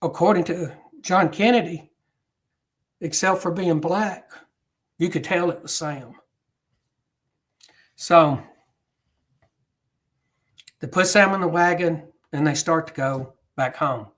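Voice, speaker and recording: A man tells a history story to an audience in an unhurried, storytelling way. He acts out the quoted dialogue along the way. His voice sits a little higher than most men's. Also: fairly bright tone. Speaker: guest speaker on history.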